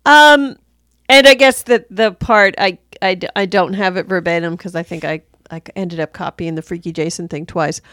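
A woman's voice: fairly low pitch, normal speed, fairly bright tone, dry recording. Woman gabbing about a movie, lots of restarts and laughs, dry close sound. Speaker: podcast co-host. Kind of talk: casual movie review chat.

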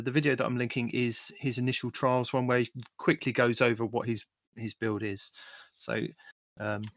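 A man hosting a gaming podcast, chatting in a relaxed, rambling way. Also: mid-range voice, no echo. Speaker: podcast host. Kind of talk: casual gaming podcast chat.

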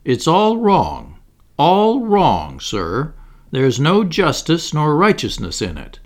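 A man's voice: on the high side, wildly swooping pitch, takes it slowly, pitched above the performer's own voice, exaggerated voice. A man reading the part of an earnest carpenter who argues grave moral points. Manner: grave, preaching.

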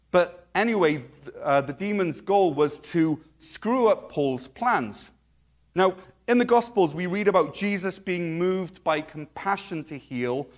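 Joking pastor, slightly higher voice. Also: male voice. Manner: conversational and joking, with playful asides. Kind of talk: sermon.

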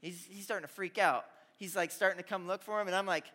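A young man preaching a youth sermon, telling stories with lively asides and calling out to the audience. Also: sits high, fast. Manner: energetic storytelling with audience call-outs. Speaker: youth pastor. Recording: hall reverb.

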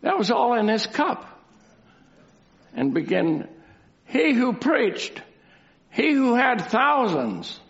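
A man's voice: very high voice, very animated, slow pace, vocal fry, pauses often, fairly bright tone. A man preaching a sermon, asking rhetorical questions and repeating key lines for emphasis. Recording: dull lo-fi recording.

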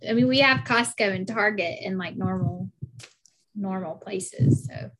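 A woman's voice: mid-range voice, measured pace, fairly bright tone, slight background noise. A woman from South Carolina with a Southern accent, chatting casually as an interview guest, full of fillers and "like"s.

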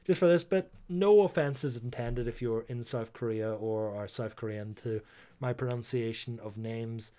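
A man's voice: medium pitch, a little mellow. A young man from Northern Ireland telling a true story in a chatty, rambling way. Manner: chatty and rambling, frequent "like" and "you know". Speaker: history storyteller host. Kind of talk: casual storytelling monologue.

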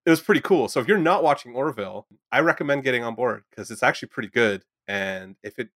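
A young man co-hosting a casual podcast, excitable and rambling, swearing freely. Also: mid-range voice, fast, no echo. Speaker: podcast co-host.

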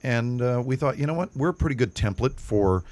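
A man's voice: mid-range voice, lively intonation, fairly quick, a little mellow. Brief: man, guest storyteller, casual, easygoing studio talk. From Texas. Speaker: actor guest. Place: radio studio.

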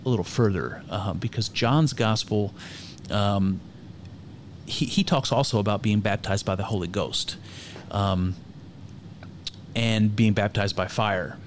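A man's voice: fairly low pitch, normal speed, pauses often, a little hiss or hum. A man giving casual spoken commentary on scripture, frank and irreverent, swearing freely and thinking aloud with lots of fillers.

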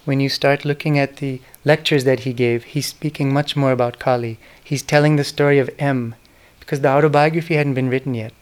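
Earnest man with a smooth, clear voice. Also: medium pitch, fairly even intonation, fairly quick, few pauses. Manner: earnest, devotional storytelling with soft, whispered quoted names. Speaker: speaker giving a talk on spiritual history. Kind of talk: reflective spoken lecture.

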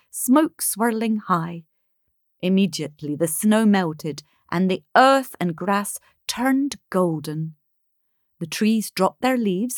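A woman storyteller reading a fairy tale aloud, measured and expressive. She takes an unhurried pace. The recording is close and dry. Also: medium pitch, no room sound.

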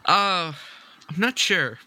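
A man hosting a casual podcast chat, joking and asking questions in a relaxed way. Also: sits high, slow, slight background noise. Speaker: podcast host.

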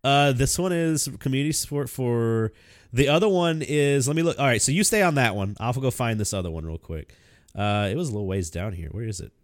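A young man co-hosting a casual chat, self-deprecating and quick to laugh. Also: medium pitch, no room sound, clean studio sound. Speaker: podcast co-host.

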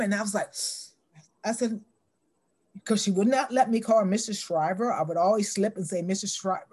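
Animated woman telling a story. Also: medium pitch. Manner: animated storyteller acting out quoted dialogue. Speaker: interviewee. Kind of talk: storytelling in an interview.

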